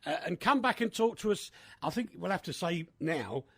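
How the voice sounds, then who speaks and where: A man hosting a casual radio chat, animated and chatty with many fillers. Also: high voice, moderate pace, husky, no room sound. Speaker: radio host.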